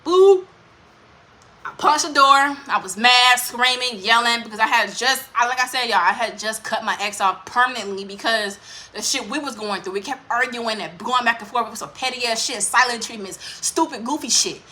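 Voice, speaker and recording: A woman's voice: a little high, normal speed, bright, forceful tone. A woman vlogger telling a personal story in a candid, rambling way, with lots of swearing and fillers. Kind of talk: casual storytime monologue.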